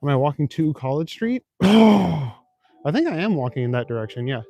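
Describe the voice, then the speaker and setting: A man's voice: fairly high pitch, moderate pace, no echo. A young man from Northern Ontario chatting casually with his live stream viewers while he walks city back streets at night. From Northern Ontario, Canada. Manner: relaxed, swears casually, reads and answers chat.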